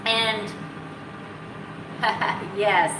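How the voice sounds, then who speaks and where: A woman's voice: mid-range voice, fairly even intonation, drawn-out words, background noise. A woman casually chatting in a home vlog, bubbly and talkative, breaking into baby talk for her dogs. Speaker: keto vlogger. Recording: echoey room, mic at a distance.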